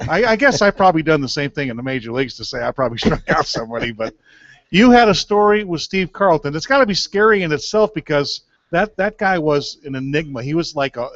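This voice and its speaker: A man hosting a casual chat, a former pitcher who jokes and drops quick quips. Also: a bit bright, no room sound. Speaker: host, former major-league pitcher. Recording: dull, dry, lo-fi sound.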